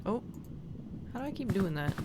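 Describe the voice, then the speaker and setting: A woman's voice: mid-range voice, sing-song, normal speed, background noise. A woman streaming a horror game, chatting and swearing casually as she plays and talks to the characters. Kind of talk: casual let's-play commentary.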